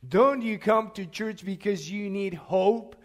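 A man preaching a sermon, swinging between loud, urgent outbursts and hushed asides, and asking the congregation questions. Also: high-pitched, slow. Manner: asks the congregation questions and has them repeat.

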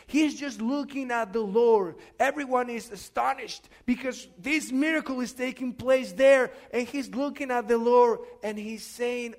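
A man preaching a sermon in a strikingly high voice with a gravelly edge. He drops to hushed, thoughtful lines, then climbs into loud, insistent questions aimed at his listeners. The delivery is rhetorical and call-and-response in feel. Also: moderate pace. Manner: swings from quiet musing to loud emphatic questioning of the congregation.

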